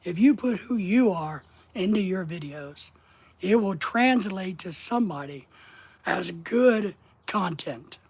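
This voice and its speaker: A man's voice: sits high, expressive, takes it slowly, husky. A man hosting a live stream, reading a book aloud and commenting on it, stressing key words in a reflective, emphatic way.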